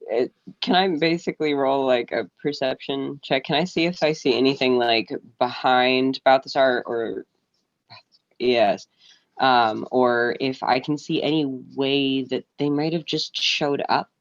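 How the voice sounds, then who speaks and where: A man playing a tabletop role-playing game, thinking out loud hesitantly with many restarts. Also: mid-range voice, fairly even intonation, unhurried, no echo, muffled recording. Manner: hesitant, rambling, lots of restarts. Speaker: player. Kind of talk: tabletop role-play, planning moves.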